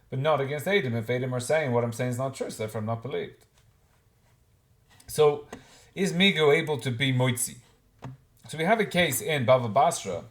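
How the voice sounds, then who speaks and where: A man giving an informal Talmud class, thinking aloud with frequent restarts and working Hebrew and Aramaic terms into his explanations. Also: mid-range voice. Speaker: Talmud teacher.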